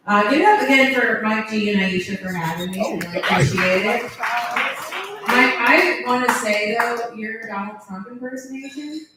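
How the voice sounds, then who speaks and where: Female comic, self-mocking and loose, mid-pitched voice, heavy room echo. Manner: self-deprecating, rambling, laughs at own jokes. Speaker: stand-up comedian. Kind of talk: stand-up comedy set. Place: comedy club. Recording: very echoey club room.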